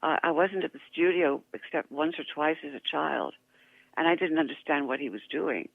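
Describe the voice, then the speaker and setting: An older woman, a guest actress, telling lively anecdotes in an interview, laughing often and poking fun at herself. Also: low-pitched, normal speed, gravelly, no echo. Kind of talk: interview storytelling. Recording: tinny phone line.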